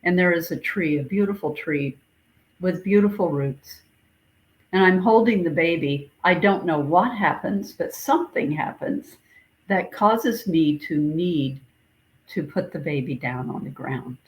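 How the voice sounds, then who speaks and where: A woman minister giving a sermon, gently recounting a dream in a reflective, repetitive storytelling way. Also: fairly low pitch, animated, poor audio. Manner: slow, gentle, reflective storytelling with repeated phrases.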